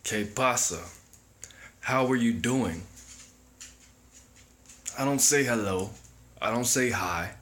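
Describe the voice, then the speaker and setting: A man giving a slow, reflective motivational monologue that circles back on its own phrases. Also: medium pitch, fairly bright tone. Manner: slow, deliberate, repeats phrases. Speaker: motivational speaker.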